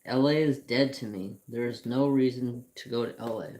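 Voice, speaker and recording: A man's voice: medium pitch, steady tone, a little mellow. A man hosting a craft channel, telling rambling personal stories in casual chat while he paints at home. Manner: slow, rambling storytelling with restarts.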